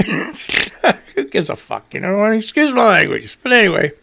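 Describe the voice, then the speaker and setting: A man hosting a live radio show, out of breath, talking loud and rambling with profane asides. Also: high-pitched, wildly swooping pitch, a little slow, gravelly, background noise.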